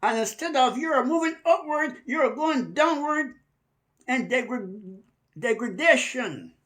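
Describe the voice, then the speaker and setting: Man from Barbados, high voice, fiery emphatic preacher who drags out stressed words. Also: lively intonation, fairly bright tone. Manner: emphatic, stretches key words slowly.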